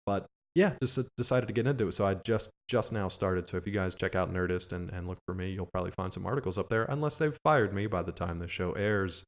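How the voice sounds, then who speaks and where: A man's voice: deep voice, fast talker, hardly any pauses. A man co-hosting a podcast, chatty, running through plugs and sign-offs with light jokes. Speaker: podcast co-host. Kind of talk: casual podcast chat.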